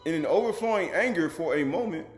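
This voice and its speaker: A man's voice: on the high side, animated, fast talker, reverberant. A man teaching a sermon, with rising emphasis, rhetorical questions and casual speech, acting out quoted speakers. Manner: colloquial, acts out quoted speakers.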